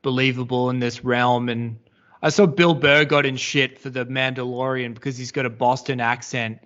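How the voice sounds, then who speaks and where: A man's voice: medium pitch, steady tone, normal speed, a bit bright. A man co-hosting a podcast in casual chat, rambling and hedging, swearing now and then. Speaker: podcast co-host. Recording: slightly dull audio.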